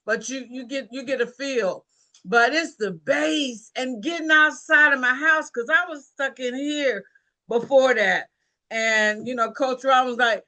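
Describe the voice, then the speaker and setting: A woman's voice: a little high, normal speed, bright, forceful tone. A woman on a video call, gratefully telling the group about her business win. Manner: grateful, storytelling, says "y'all". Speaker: team member on a training call.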